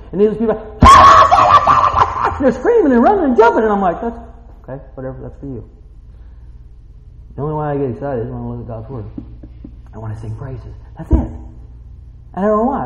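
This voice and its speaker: A man preaching a sermon as a pastor, reading scripture and breaking into loud exclamations. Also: mid-range voice. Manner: animated, swings between loud exclamations and quiet reading. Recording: echoey hall with long reverb, dull sound.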